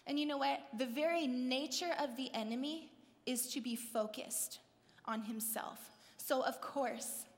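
Woman preacher, high voice, lively and chatty, acts out scenes, with a long hall echo. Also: a little slow. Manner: conversational, asks the audience questions. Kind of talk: sermon.

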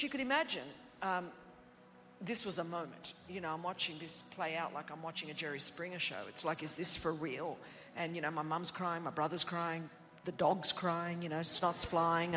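An Australian woman preacher telling a personal story in a sermon, animated and self-mocking, acting out what people said. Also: on the low side, in a large hall.

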